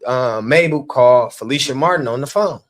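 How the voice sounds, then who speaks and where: A man with a Chicago accent, a candidate telling an election-day story on a podcast, animated and acting out the dialogue. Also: medium pitch, fairly quick. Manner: animated, acts out quoted dialogue. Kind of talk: casual storytelling chat.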